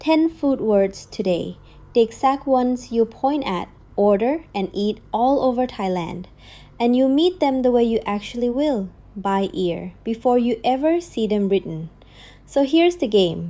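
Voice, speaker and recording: A woman teaching a scripted language lesson, saying each word slowly and repeating it, in an upbeat, encouraging way. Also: on the high side, animated, dark tone. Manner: models words slowly and repeats each one.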